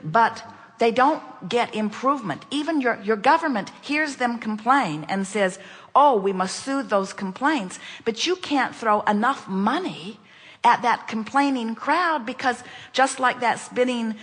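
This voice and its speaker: A woman speaking in a measured, emphatic way, teaching about money and attraction as "we". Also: a little high, fairly bright tone. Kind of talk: spoken teaching in conversation. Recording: long hall reverb.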